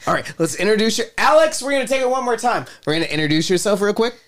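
A man's voice: high voice, lively intonation, rapid-fire, a bit bright. A man playing an exasperated producer in an improvised comedy bit. His voice swings up and down as he counts people in and calls for one more take. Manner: bossy, exasperated, directing takes. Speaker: podcast host playing a producer.

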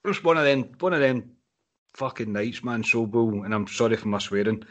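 A man's voice: medium pitch, expressive, moderate pace. Frustrated Scottish man ranting. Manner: frustrated, swears, rants about the match. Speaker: podcast host. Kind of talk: casual fan podcast chat.

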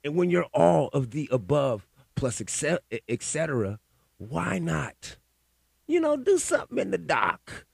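A man's voice: on the high side, big pitch swings, normal speed, vocal fry, husky, dry recording, studio quality. A man hosting a solo podcast, telling stories and giving opinions in a rambling, profane, casual way. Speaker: podcast host.

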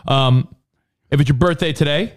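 Chatty man co-hosting a talk show. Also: on the high side. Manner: quick and chatty, trips over words. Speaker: co-host. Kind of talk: casual radio show banter.

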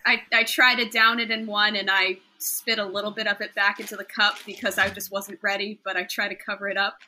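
Woman, tabletop player, casual chat, very bright tone. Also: mid-range voice, level tone, a little fast, rough recording. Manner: casual, chatty. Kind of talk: tabletop game play.

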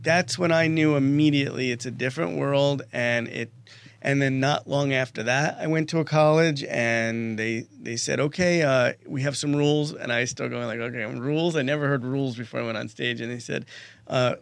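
Man, comedian guest, gravelly voice, dry close mic, animated storytelling. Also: medium pitch, dry recording. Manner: animated storyteller, acts out quotes. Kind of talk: casual radio interview chat.

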